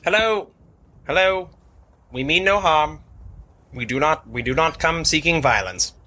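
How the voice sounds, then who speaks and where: A man playing a polite elf adventurer who speaks in a formal, measured way. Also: a little high, expressive, bright, forceful tone. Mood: earnest.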